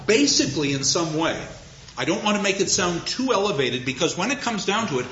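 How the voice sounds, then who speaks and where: A man with a slightly high voice lectures on poetry in a measured, thoughtful way, pausing and slowing down for emphasis. The recording is roomy and a little dull, with faint noise in the background. He sounds like a reflective teacher. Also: a bit bright. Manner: measured, thoughtful, with deliberate pauses and slowed emphasis.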